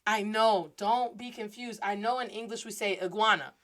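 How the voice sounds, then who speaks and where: A woman hosting a podcast and giving a playful, animated Spanish lesson, mixing Spanish phrases into her English. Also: medium pitch, normal speed. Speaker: podcast host and Spanish teacher.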